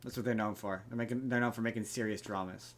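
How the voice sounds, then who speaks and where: A man's voice: on the low side, fairly even intonation, quick pace. A man hosting a podcast, chatting casually and often trailing off mid-thought. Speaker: podcast host. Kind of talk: casual chat.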